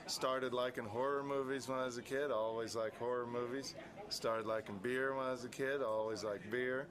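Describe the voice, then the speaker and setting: A man's voice: mid-range voice, steady tone, fairly quick. A man chatting casually on a radio show in a cheerful way. A crowd can be heard behind him. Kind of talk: casual chat.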